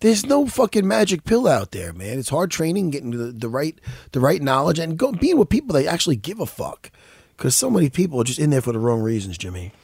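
A man's voice: fairly high pitch, big pitch swings, a little fast, gravelly, darkish tone, husky, no echo, clean studio sound. A man co-hosting a casual talk show, rambling and swearing, with lots of restarts. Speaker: podcast co-host. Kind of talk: casual profane chat.

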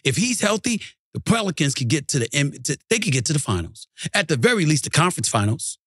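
A middle-aged man hosting a sports commentary show, ranting heatedly and swinging from low grumbling to high shouting. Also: very animated, quick pace, breathy edge, no echo, studio quality. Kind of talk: animated sports rant.

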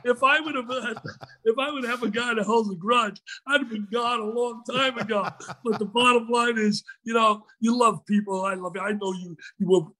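An older man talking warmly and emphatically about a longtime broadcasting colleague in casual conversation. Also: very high voice, steady tone, moderate pace, low-quality recording. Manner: effusive, emphatic praise. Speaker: guest, former co-broadcaster. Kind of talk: casual chat.

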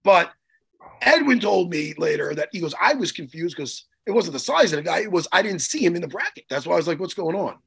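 A man co-hosting a chat show, telling a story in an excitable, profane way with lots of restarts. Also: high voice, fairly quick, gravelly, breathy edge. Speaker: podcast co-host and martial arts coach. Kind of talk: casual chat, animated storytelling.

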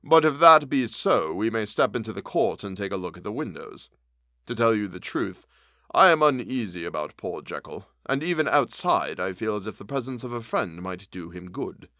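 A man voicing an earnest, good-natured male lawyer who speaks with brisk concern. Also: fairly low pitch, big pitch swings, bright, forceful tone, no room sound, studio quality.

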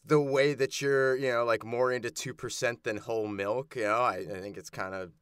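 A man in improvised comedy banter, laying out absurd plans in a deadpan, matter-of-fact way. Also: medium pitch, moderate pace, clean tone, no room sound, studio quality.

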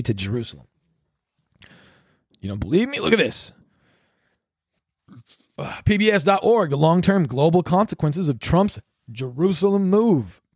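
A man's voice: a little high, no echo, studio quality. A man hosting a podcast alone, ranting in a profane, rambling, sarcastic way. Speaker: podcast host. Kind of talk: solo ranting commentary.

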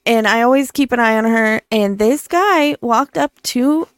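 A woman co-hosting a casual podcast, telling a story in a quick, chatty way. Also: on the high side, smooth, dry recording, clean studio sound. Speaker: podcast co-host.

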